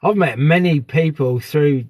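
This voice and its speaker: A man's voice: fairly high pitch, measured pace, a little mellow, no room sound. A man live streaming outdoors at dusk on a phone, chatting casually and greeting viewers by name. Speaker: live streamer on a sky watch.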